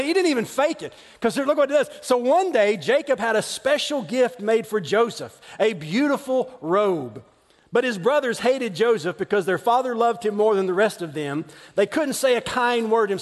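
A man, preaching a chatty storytelling sermon full of self-deprecating asides and restarts. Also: very high voice. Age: 40s. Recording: long reverb of a large hall.

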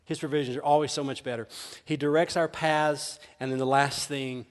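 A man, a pastor, preaching a sermon with animated storytelling and frequent laughter. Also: fairly high pitch, moderate pace. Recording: long reverb of a large hall.

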